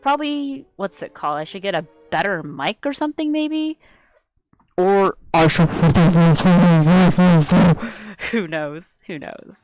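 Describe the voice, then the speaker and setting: A woman chatting casually on a live stream, rambling and excitable, swearing freely and getting loud when worked up. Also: medium pitch, moderate pace, few pauses, faint music behind. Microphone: desk microphone she adjusts.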